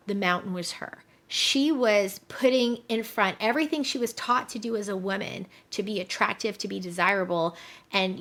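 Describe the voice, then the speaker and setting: A woman marriage coach speaking frankly to women in casual advice talk, telling stories and acting out the conversations in them. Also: mid-range voice. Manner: animated storytelling, acting out quoted conversations; frank, direct address to listeners.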